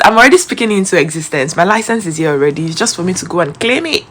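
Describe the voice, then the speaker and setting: A woman's voice: lowish voice, lively intonation, fast talker, fairly bright tone. A young woman, talking to her viewers in a chatty, casual vlog. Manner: chatty, addresses viewers directly. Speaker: vlogger. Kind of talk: casual vlog talk to camera.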